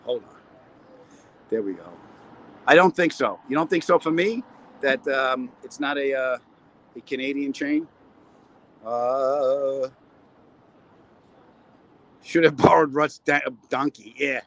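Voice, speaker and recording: While walking city streets, this middle-aged comedian rambles and jokes on his live stream, reading viewer comments off his phone. His mid-range, slightly bright voice takes things slowly with frequent pauses, on a rough recording.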